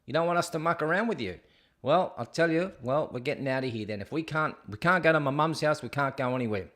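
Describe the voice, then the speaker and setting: A man's voice: fairly high pitch, lively intonation, fast, a bit bright. A middle-aged man with an Australian accent hosting a casual solo livestream, chatty and jokey as he rambles and reads viewer comments aloud. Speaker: host.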